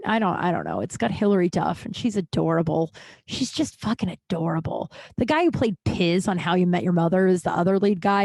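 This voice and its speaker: A woman in her thirties spins a rambling anecdote, dropping fillers and swear words as she goes. Her voice sits at an ordinary middle pitch. The sound is close and dry, with no room echo. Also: creaky. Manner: chatty, profane, full of fillers and animated quoted voices. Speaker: podcast host. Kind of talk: casual storytelling.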